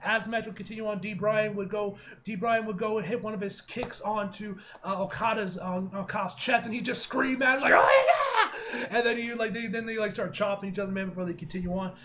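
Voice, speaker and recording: An excitable young man breaks down a wrestling match in a casual video review. His voice sits very high and his words tumble out quickly, full of slang, laughter and swearing. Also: a little hiss or hum.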